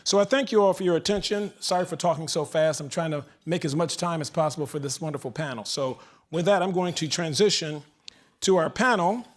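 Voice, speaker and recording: A man's voice: on the high side, brisk. A man speaking into a handheld mic at a large public forum, moderating and announcing with energy. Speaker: moderator and organization leader. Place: large event hall.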